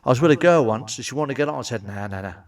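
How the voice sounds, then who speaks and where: A man's voice: mid-range voice, expressive, racing, distant mic. A man doing crude stand-up comedy, blunt and sweary, with frequent asides to the audience. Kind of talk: crude stand-up joke telling.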